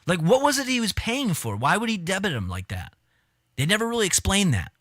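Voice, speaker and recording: A man's voice: high voice, wildly swooping pitch, a little fast, a bit bright. A man streaming a casual reaction commentary, talking bluntly with frequent swearing and mocking asides.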